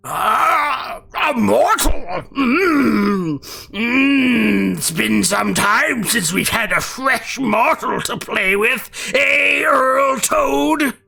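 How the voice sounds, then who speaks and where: A man's voice: extremely high pitch, expressive, extremely slow, bright, forceful tone, voice pushed up, heavily acted. A man voicing a gluttonous male demon lobster lord who drawls and relishes his words in a tabletop game. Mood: gloating. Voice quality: gravelly, drawling.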